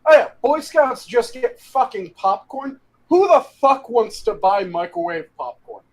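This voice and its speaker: A man's voice: very high-pitched, sing-song, unhurried, rough recording. A man chatting casually on a podcast, blunt and profane, teasing the others. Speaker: podcast co-host. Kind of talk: casual crude banter.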